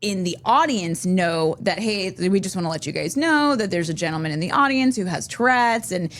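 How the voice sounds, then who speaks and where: A woman's voice: on the low side, expressive, normal speed, slight background noise. A young adult woman co-hosting a podcast, telling a story in casual chat, full of fillers and restarts. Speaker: podcast co-host.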